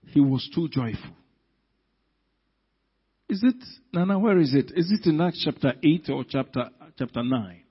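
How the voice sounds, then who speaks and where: A man preaching a sermon, telling the story dramatically with sudden loud emphatic peaks. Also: on the high side, animated, normal speed, breathy edge. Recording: dull sound in a reverberant hall.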